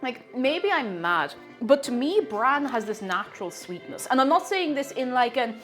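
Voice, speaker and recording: A woman streamer chats playfully while she bakes. Her voice sits a little high and jumps around a lot in pitch. Faint music plays quietly behind her. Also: animated, normal speed. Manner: chatty and playful, greets viewers by name. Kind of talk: casual chat while baking on a live stream.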